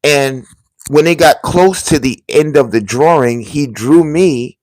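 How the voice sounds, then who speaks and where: A man earnestly telling viewers about a vivid dream in a casual, halting way, dropping to a hush at the tense parts. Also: on the high side, no room sound. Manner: earnest, halting, drops to a hushed voice at tense moments.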